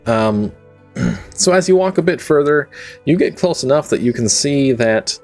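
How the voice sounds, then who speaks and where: A young man narrates a tabletop game as game master into his home microphone, at a middle pitch for a man. He rambles through scenes with many "like"s and "um"s and laughs easily. Faint music plays underneath. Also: expressive, a little slow, a little mellow. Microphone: own microphone.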